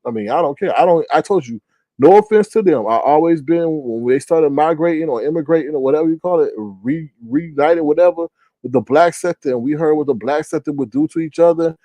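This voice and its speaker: A man in a casual livestream, giving animated, slangy commentary and often mimicking others in high voices. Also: a little fast, no echo.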